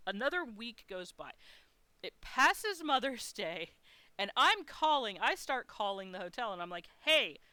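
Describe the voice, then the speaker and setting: Woman streamer, bright crisp voice, dry close mic, frank chatty storyteller who swears. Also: a little high, sing-song, measured pace, dry recording. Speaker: live-streaming artist. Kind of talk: casual storytelling on a live stream.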